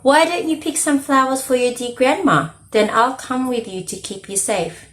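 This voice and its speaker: A woman voicing a sly male rabbit in a storybook, speaking high and sugary-friendly. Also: normal speed, lightly acted. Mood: sweet.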